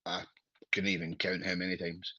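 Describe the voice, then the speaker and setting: A Scottish man with a husky, low-pitched voice chats as a podcast guest, blunt, sweary and quick to laugh. The audio is dry and dull, with a lo-fi feel. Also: completely flat delivery, pushed and bright, dry recording. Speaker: wrestler guest. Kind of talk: casual podcast chat.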